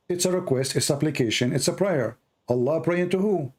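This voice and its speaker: Combative man debating, higher-pitched. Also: lively intonation, fairly quick. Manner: combative, insulting, repeats questions. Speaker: debate host. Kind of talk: heated live debate.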